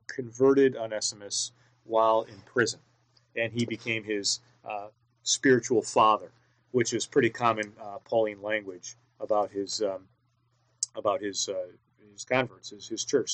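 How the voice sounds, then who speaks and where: Deliberate man lecturing on Greek grammar. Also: on the low side, a bit bright, no echo, poor audio. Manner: deliberate, with many filler pauses. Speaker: Greek New Testament teacher. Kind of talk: classroom lecture.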